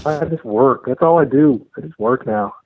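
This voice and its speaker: A man's voice: medium pitch, normal speed, a little mellow, no room sound. A man calling in to a comedy podcast, chatting in a laid-back, wry way. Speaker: call-in guest. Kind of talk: casual chat. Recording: tinny phone line.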